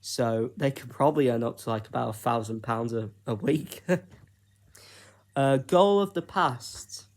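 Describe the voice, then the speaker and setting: A man from Britain talking through his own ideas in a casual solo vlog, unhurried and hesitant, with plenty of ums and pauses. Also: medium pitch. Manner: unhurried, hesitant, with frequent fillers. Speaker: YouTuber.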